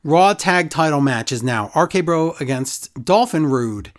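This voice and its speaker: A podcast host with a mid-range voice talks a little slowly as he recaps a wrestling show. He's sarcastic and animated in this casual chat, voicing quotes in different characters.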